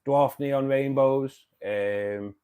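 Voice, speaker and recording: A man's voice: mid-range voice, fairly even intonation, drawn-out words, darkish tone, smooth. A man from the UK with a Manchester accent, hosting a casual livestream and chatting back to viewers' comments. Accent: Manchester English. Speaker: livestream host.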